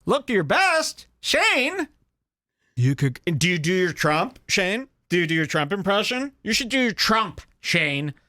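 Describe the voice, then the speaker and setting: A man's voice: big pitch swings, unhurried, bright, forceful tone, no echo, studio quality. A man hosting a podcast, ranting crudely and mockingly in a comedic style. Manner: mocking, exaggerated, swings pitch wildly. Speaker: podcast host.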